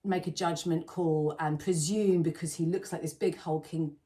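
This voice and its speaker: A woman's voice: low-pitched, steady tone, moderate pace, warm tone. A woman co-hosting a podcast, chatting casually about a film in a thoughtful, hedging way as she searches for her words. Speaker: podcast co-host.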